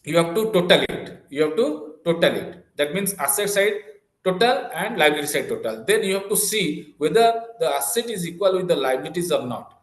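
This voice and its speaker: A man's voice: on the high side, fairly bright tone. A man teaching an online class over a video call, explaining step by step and often checking whether students follow. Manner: explains step by step, repeats key points, checks "clear?" and "okay". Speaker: commerce lecturer. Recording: roomy echo.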